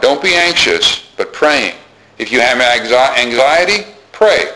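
A man's voice: mid-range voice, lively intonation, a little slow, background noise. A man preaching a sermon as pastor, earnest, repeating key phrases and asking the congregation questions.

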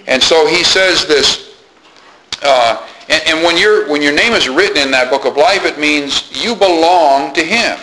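A male pastor preaching to his congregation with a bright, forceful voice. He speaks earnestly, repeats his key phrases and puts questions to his listeners, with a faint hiss behind him. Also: on the high side, a little slow, low-quality recording. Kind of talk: sermon.

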